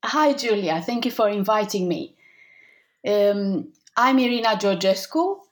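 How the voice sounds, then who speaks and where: A woman's voice: medium pitch, animated, measured pace. A woman from Romania, a guest author in a casual interview, speaking in a hesitant way with fillers and repeated words.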